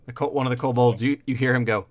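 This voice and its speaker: A man's voice: mid-range voice, fairly even intonation, quick pace. A man narrating a tabletop game as game master, in a casual manner with fillers. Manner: casual, describes scenes with fillers.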